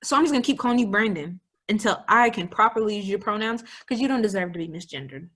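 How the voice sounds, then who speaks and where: This is a young woman co-hosting an informal educational chat. She talks casually with a lively, playful manner, laughing often. Her pitch sits in a middle range. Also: fast talker. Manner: lively, laughing, acts out little scenes. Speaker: co-host.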